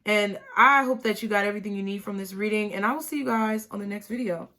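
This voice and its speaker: Speaking quickly in a mid-range voice with a sharp tone, this woman gives her viewers an encouraging, casual tarot reading. Repetition and frequent "okay?" asides run through it.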